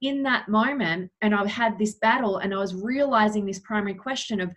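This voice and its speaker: A young woman guest in an interview, earnestly telling a personal story, slowing down for emphasis with frequent "you know" fillers. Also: mid-range voice, fairly bright tone.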